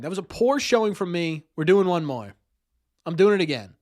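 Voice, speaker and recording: A man's voice: sits high, lively intonation, a little fast, a little mellow, no room sound, studio quality. A young man streaming, thinking aloud through a quiz and mocking himself when he gets answers wrong. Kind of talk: live stream chat.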